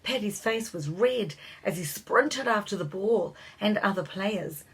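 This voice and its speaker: Breathy woman reading a storybook. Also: mid-range voice, lively intonation, unhurried, low-quality recording. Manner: gently lifts her voice for the characters' lines. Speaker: narrator.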